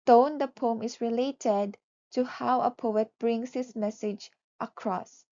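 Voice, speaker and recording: Mellow-voiced woman teacher, earnest delivery. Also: on the high side, steady tone, slow pace, dull audio. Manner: earnest, with dramatic repeated refrains. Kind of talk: poetry recitation and classroom lesson.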